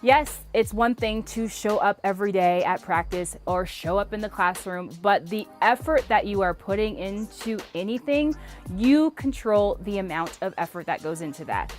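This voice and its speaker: A woman in her thirties, a former softball player, telling a lively motivational story to camera. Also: medium pitch, moderate pace, soft background music.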